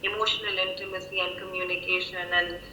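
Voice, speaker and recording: Bright-voiced woman psychologist, echoey room. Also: lowish voice, flat delivery, a little hiss or hum. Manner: thoughtful, measured, with frequent fillers. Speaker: clinical psychologist, guest. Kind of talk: professional video-call interview. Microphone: video call.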